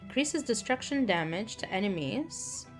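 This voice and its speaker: A woman's voice: on the high side, big pitch swings, moderate pace, soft background music. A young woman streaming a game, chatting casually, joking and reading game text aloud. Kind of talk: casual gameplay commentary.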